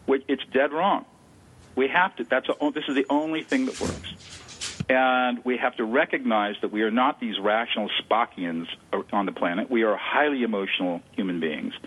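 A man's voice: medium pitch, normal speed, fairly bright tone, a little hiss or hum. A man speaking as an interview guest, explaining a listening technique with enthusiasm and repeating words for emphasis. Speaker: guest expert on conflict de-escalation. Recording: tinny phone line.

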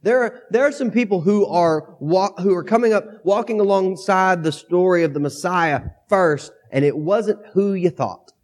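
A man's voice: sits high, moderate pace, hardly any pauses, a little mellow. Man preaching with a cold. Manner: conversational, reads scripture aloud then comments. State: has a cold, coughing. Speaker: pastor. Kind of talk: sermon. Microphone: microphone.

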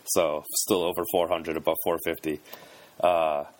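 Low-voiced man in casual sports chat. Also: level tone, unhurried. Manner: hesitant, lots of fillers and restarts. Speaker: podcast co-host.

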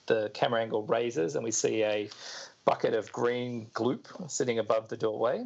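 Gravelly man retelling a comic. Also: mid-range voice, steady tone, moderate pace, darkish tone. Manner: retells scenes and reads the lines aloud. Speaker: podcast host. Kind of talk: casual chat, retelling a comic. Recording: dull lo-fi recording.

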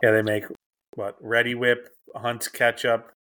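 A man's voice: mid-range voice, flat delivery, measured pace, sharp tone. A young adult man co-hosting a podcast in casual chat, enthusiastic and joking as he rattles off lists. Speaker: podcast co-host.

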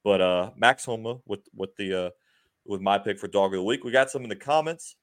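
A man's voice: fairly low pitch, brisk. A man hosting a sports podcast, recapping games in an upbeat, laughing way with many fillers. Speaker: podcast host. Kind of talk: casual sports chat.

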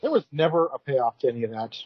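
A man's voice: mid-range voice, big pitch swings, fast, dry recording. A man co-hosting a podcast, chiming in with wrestling trivia and quips in casual chat. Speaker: podcast co-host. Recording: dull lo-fi sound.

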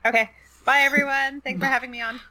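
A woman's voice: high voice, fairly even intonation, fast talker, bright, forceful tone. A woman from Canada joining a casual podcast as a guest over a video call, chatty and apologetic. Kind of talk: casual chat.

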